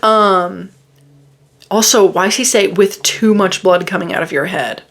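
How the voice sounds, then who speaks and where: A woman's voice: medium pitch, measured pace, fairly bright tone. A woman reviewing a book in a casual, sarcastic and exasperated way, reading quotes aloud and picking them apart.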